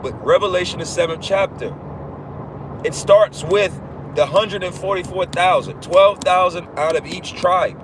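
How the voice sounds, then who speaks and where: A man's voice: fairly high pitch, background noise. A man giving an informal livestream sermon, emphatic and repetitive, swearing casually as he preaches.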